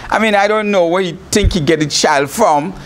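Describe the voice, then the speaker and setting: A man's voice: sits high, moderate pace. A man with a Trinidad and Tobago accent preaching a broadcast sermon, telling the story animatedly and laughing often. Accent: Trinidad and Tobago English. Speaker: bishop, preacher.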